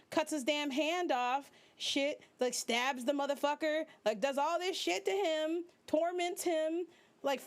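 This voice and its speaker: A young woman VTuber host giving casual, profane, animated commentary, exclaiming as she rants. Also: high-pitched.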